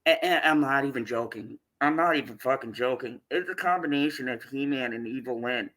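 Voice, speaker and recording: A woman's voice: a bass voice, brisk, fairly bright tone. A woman giving a profane, exasperated rant while reviewing a show.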